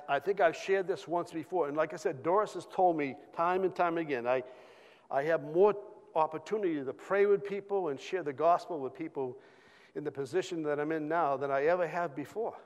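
A man telling a personal testimony in an informal sermon, halting with repeated words and fillers. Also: fairly high pitch, in a large hall. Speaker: church speaker sharing a testimony.

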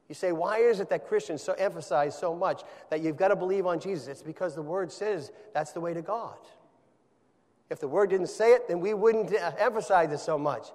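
A man preaching a sermon, emphatic, often rising to forceful peaks, with quiet stretches in between. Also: high voice, a little fast, long reverb tail. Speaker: pastor.

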